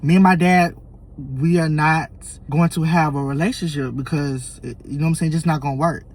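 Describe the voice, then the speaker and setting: A man's voice: on the high side, normal speed. A young man telling an emotional personal story in a vlog, acting out the lines he and his family said. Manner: animated, emotional storytelling with reenacted quotes. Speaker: vlogger.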